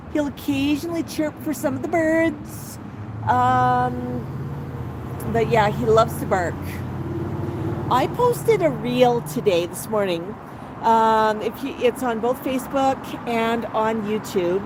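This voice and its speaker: A woman's voice: on the high side, background noise. A woman hosting a casual outdoor livestream, chatting to viewers and reading out their comments. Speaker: livestream host.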